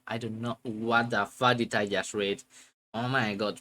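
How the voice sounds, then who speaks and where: A man's voice: on the low side, level tone, unhurried, a bit bright, a little hiss or hum. A man streaming live, reading a game story aloud and joking at his own reading, swearing now and then.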